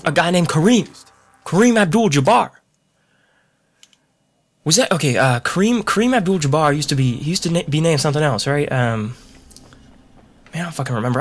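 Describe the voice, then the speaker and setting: Young male gamer, loose and profane, jokey running commentary. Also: on the high side. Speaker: let's play gamer. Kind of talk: casual gameplay commentary.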